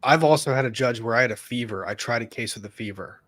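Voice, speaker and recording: A man's voice: medium pitch, fast, a bit bright. A man, an attorney co-hosting a casual chat, earnestly recalling moments with judges and repeating phrases for emphasis. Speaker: attorney, podcast co-host.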